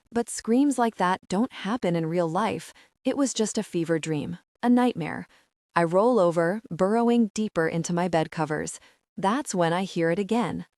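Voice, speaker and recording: A woman's voice: on the low side, darkish tone, no echo, clean studio sound. Emotive woman narrating an audiobook. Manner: emotive, measured storytelling with dramatic slowdowns. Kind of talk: scripted first-person narration.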